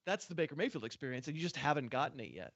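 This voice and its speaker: A sports podcast co-host chats casually about sports betting in a rapid-fire, fairly high voice. He's animated and jokey, laughing often.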